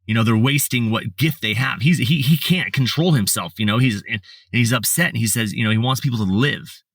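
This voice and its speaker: A man's voice: mid-range voice, fairly quick, fairly bright tone, no room sound. A man from the United States, a podcast guest telling his life story in a casual, rambling way with lots of fillers and restarts. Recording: slightly distant mic, dry sound.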